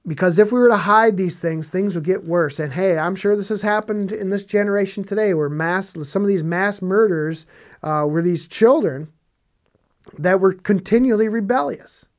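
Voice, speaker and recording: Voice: mid-range voice, moderate pace. A Bible teacher preaching on scripture in a conversational way, stressing points by repeating phrases and asking rhetorical questions.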